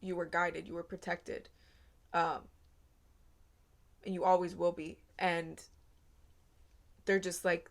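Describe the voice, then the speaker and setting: Woman reading tarot, gravelly and low. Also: level tone, takes it slowly, pauses often. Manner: earnest, rambling, heavy on "like" and "um". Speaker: tarot reader. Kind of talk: casual spoken tarot reading.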